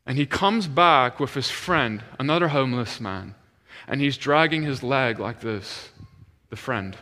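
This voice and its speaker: A male minister tells his testimony in a lively storytelling sermon, and his voice turns quiet when he retells prayers. His tone is bright and forceful. The sound carries a long reverb from a large hall. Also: medium pitch, a little slow.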